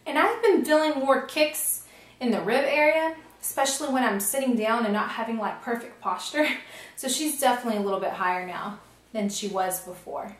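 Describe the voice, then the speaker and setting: A woman's voice: on the high side, brisk, roomy sound. A pregnant woman chatting casually in a vlog, filling her talk with ums and little laughs, filmed on a camcorder in a small nursery room at home. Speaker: pregnancy vlogger. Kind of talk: casual chat. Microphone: handheld camcorder.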